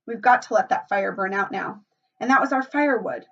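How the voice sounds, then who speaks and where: A woman's voice: medium pitch, brisk, natural voice. A woman voicing a chubby, anxious schoolboy with glasses, whiny and indignant. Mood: scared. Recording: muffled, from a distance.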